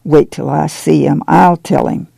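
A woman's voice: sits low, fairly even intonation, unhurried, vocal fry, warm tone, slightly rough, dry recording, exaggerated voice. A man voicing a weepy, self-pitying young farm girl with a drawl, whining and irritable. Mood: sullen. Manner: whiny and irritable.

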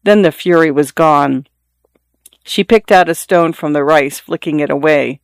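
A man narrating a literary audiobook in a measured, even reading. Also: on the high side, gravelly, no echo.

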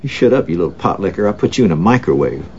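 A man's voice: sits low, sing-song, very fast, a little mellow. An actor in his fifties playing a scruffy, washed-up estranged father who talks in a brash, rambling way, heard in a film clip. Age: 50s. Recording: dull lo-fi film clip with noise.

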